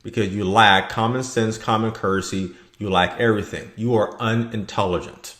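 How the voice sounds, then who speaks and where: A man's voice: on the low side, steady tone, moderate pace, a bit bright. A man giving blunt, rambling opinion commentary for his video channel. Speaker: vlogger. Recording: echoey room.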